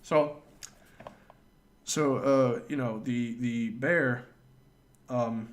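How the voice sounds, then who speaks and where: A man's voice: mid-range voice, steady tone, extremely slow. A man streaming live and telling a rambling, profane anecdote, stopping to thank viewers. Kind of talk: casual storytelling on a livestream.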